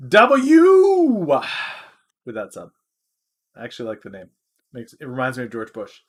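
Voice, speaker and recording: A man's voice: fairly low pitch, fairly quick, fairly bright tone, slightly rough. A man hosting a casual live stock market stream, rambling and answering viewers' chat.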